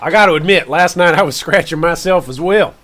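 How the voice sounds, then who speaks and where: A man's voice: a little high, fairly bright tone, natural voice. A man putting on the voice of a rambling old farmer with a Southern country accent, telling folksy stories on a game stream. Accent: put-on Southern US rural. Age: older. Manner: drawling, rambling folksy storytelling with slow emphatic pauses. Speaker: gaming streamer host in character. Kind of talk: comic character bit on a game stream.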